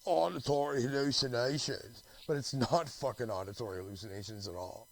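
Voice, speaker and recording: A man's voice: on the low side, quick pace, no room sound, rough recording. A man from Canada talking in a rambling, restless monologue, full of restarts, fillers and swearing. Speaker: vlogger.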